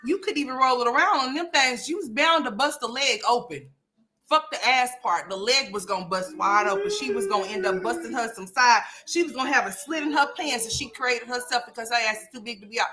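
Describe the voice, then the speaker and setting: A woman's voice: on the high side, sharp tone. A woman hosting a casual reaction commentary, blunt, profane and teasing, with playful mock outrage. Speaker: commentary channel host.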